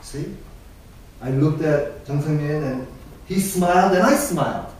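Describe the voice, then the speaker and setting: Professor lecturing in an echoey classroom. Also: male voice, fairly high pitch, unhurried, darkish tone. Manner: conversational, keeps checking in with "right?". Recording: very echoey classroom, mic far off, faint hiss.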